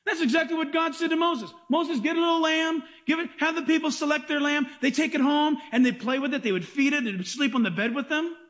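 A pastor preaching an animated sermon, acting out quotes and asking the congregation questions. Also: male voice, extremely high pitch, a little fast, hardly any pauses.

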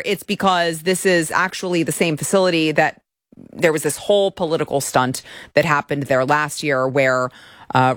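Sarcastic and indignant, a woman hosting an opinion show offers political commentary and occasionally mocks people with put-on voices. Her pitch is fairly low and her tone a bit bright. The clean studio sound has no room sound.

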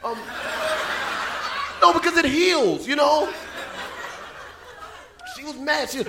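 A young man doing stand-up, his high voice edged with gravel as he punches lines and breaks into shouts. The club sounds roomy, with loud audience noise around him. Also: very animated, a little slow, pauses often. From Southern United States. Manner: punchy, repeats "you know what I'm saying", bursts into shouts. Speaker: stand-up comedian. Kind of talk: stand-up comedy.

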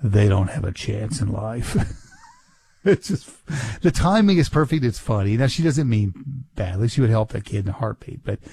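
A man's voice: medium pitch, creaky, mellow, no room sound. A man from Kentucky with a faint Southern accent, chatting casually on a radio show, rambling and correcting himself with small chuckles.

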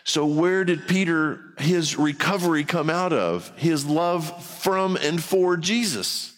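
A man's voice: a little high, expressive, slow, few pauses, a bit bright. A man preaching as a pastor, reading scripture aloud and then talking it through in a loose, conversational way. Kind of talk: sermon. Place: church sanctuary. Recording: long hall reverb.

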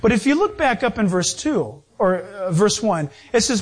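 A man preaching a sermon in a lively, animated way, acting out voices as he goes. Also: high-pitched, moderate pace, hardly any pauses, slightly rough. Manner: animated, acts out voices and quotes.

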